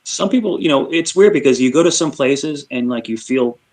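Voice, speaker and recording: A middle-aged man from Queens with a New York accent talks in a casual group chat on a stream. He jumps between rapid bursts and a slowed, calming tone, and uses a lot of fillers along the way. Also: medium pitch, poor audio. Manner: switches between fast-talking and slow, calm delivery; chatty, with many fillers. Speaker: stream panelist.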